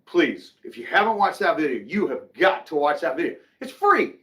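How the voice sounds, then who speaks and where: A middle-aged man talks straight to camera about the housing market in a chatty, opinionated way. His voice sits fairly high, and he keeps it lively by acting out little quoted exchanges. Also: normal speed. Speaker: real estate agent hosting a market update. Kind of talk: casual market commentary to camera.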